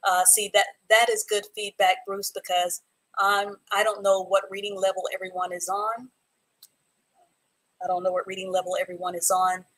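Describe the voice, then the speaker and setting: A woman teaching a live online reading class, reading students' sentences from the chat and praising them slowly and clearly. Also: medium pitch, flat delivery, fairly bright tone, rough recording. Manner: encouraging, slow and clear, praising students by name.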